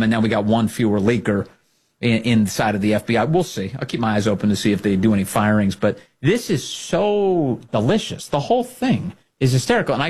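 A man's voice: lowish voice, a little mellow, breathy edge. A man hosting a political commentary show, mocking and incredulous, firing off rhetorical questions. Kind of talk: sarcastic commentary monologue.

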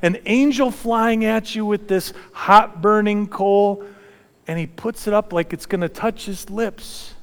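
A male pastor preaching a sermon, telling the story dramatically with repeated phrases, moving from fervent to hushed. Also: sits high, measured pace. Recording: long reverb in a large hall.

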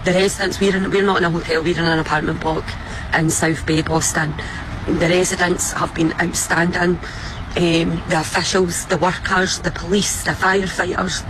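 A Scottish woman giving a heartfelt, grateful message to a city, speaking with emotion and halting restarts. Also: lowish voice, level tone, noisy background. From Scotland. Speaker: visitor addressing a city. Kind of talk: heartfelt address to the public.

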